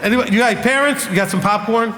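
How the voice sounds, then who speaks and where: Man in his 50s, high and expressive voice, blunt preacher who mimics others, reverberant hall. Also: fast talker, background noise. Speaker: teacher. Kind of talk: sermon-style teaching.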